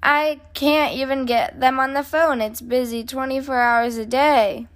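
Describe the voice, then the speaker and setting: Lady doing a frazzled shopkeeper bear, brisk and kinda high. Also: fairly even intonation. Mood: exasperated.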